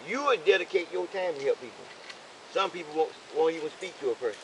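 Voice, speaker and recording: A man's voice: a little high, lively intonation, fast, creaky, a little hiss or hum, low-quality recording. An older man telling a roadside story in casual conversation, preachy and leaning on "okay?" for emphasis. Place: in a vehicle.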